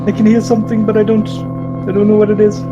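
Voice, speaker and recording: A man voicing a solemn risen Jesus, with a slight Indian accent, preaching gently. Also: completely flat delivery, fast, dull audio, loud music behind the voice, natural voice. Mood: puzzled. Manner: solemn, preachy, sings in falsetto.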